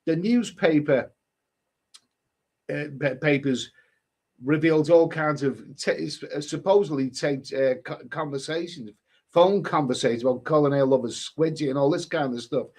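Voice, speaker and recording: A middle-aged man hosting a livestream, chatting casually and reading out viewer comments, rambling and halting with many restarts and repeated words. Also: a little high, a little mellow.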